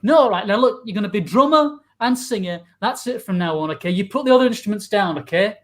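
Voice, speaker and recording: A man's voice: high-pitched, animated, fast talker, fairly bright tone. A man hosting and performing improvised comedy on a livestream, bossing his scene partner around and steering the show.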